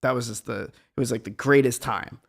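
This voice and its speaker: A man's voice: mid-range voice, a little fast, gravelly. A middle-aged man, a guest musician, talking in a meandering, reflective and self-deprecating way in a casual conversation.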